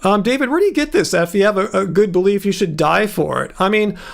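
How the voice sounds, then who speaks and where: Gravelly, high-voiced man ranting on a live stream. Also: animated, quick pace. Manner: rambling, indignant, talks straight to chat. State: starting to lose his voice. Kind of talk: casual live stream chat answering viewers.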